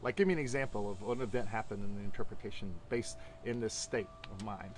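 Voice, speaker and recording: A man's voice: on the low side, fast, a little hiss or hum. A man, a tantra teacher, explaining ideas in casual chat and acting out quoted lines with animation.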